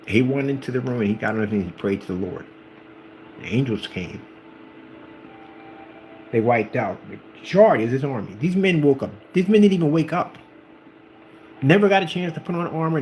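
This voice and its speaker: A man delivers an informal, preachy religious talk in a voice of ordinary pitch. He is emphatic and acts out the people in his stories. Faint background noise runs under him. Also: a little mellow, poor audio. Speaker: channel host.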